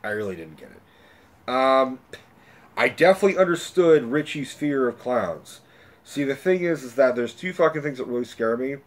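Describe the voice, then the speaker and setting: A man's voice: mid-range voice, lively intonation, normal speed. Guy doing a casual movie review rant, swears a ton, rambles, talks a lot, regular mid voice. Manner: profane, rambling and talkative. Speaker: vlogger reviewing a film.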